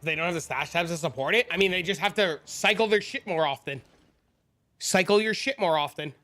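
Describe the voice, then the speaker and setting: Male streamer, casual profane banter, high bright voice. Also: brisk, soft background music. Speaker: game streamer. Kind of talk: casual live-stream chat.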